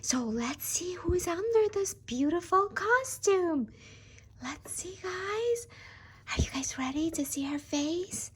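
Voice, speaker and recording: A woman hosting a toy unboxing in a soft, half-whispered, gushing voice. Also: sits high, animated, slow. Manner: hushed and gushing.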